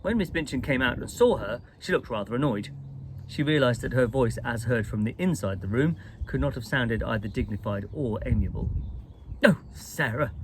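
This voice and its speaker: A man reading a children's storybook aloud in an expressive, lively way. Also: medium pitch, a little fast, slight background noise, rough recording. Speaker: storybook reader.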